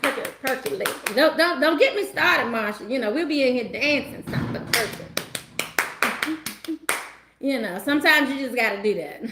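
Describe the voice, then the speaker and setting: A woman tarot reader chatting casually to her viewers, animated and emphatic, breaking into laughter and slang as she rants. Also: sits high, normal speed, long pauses, roomy sound, very noisy. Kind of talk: casual livestream chat.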